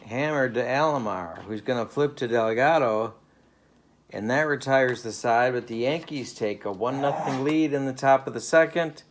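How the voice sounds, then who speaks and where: Guy doing slow play-by-play for a tabletop baseball game at home, dry jokey announcer vibe, average pitch. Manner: dry, playful broadcaster patter. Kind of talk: mock radio play-by-play commentary. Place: home living room.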